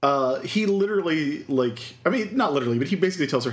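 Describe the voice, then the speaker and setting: A man co-hosting a laid-back podcast, cracking deadpan jokes while recapping an episode. His voice is a touch higher than most men's. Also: fast. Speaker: podcast co-host. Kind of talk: casual chat recapping an anime episode.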